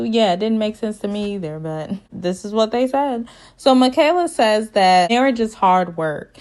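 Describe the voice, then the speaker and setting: A woman hosts a casual recap vlog at a middle pitch. She is blunt and opinionated. She talks in a chatty, conversational way. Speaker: reality TV recap host.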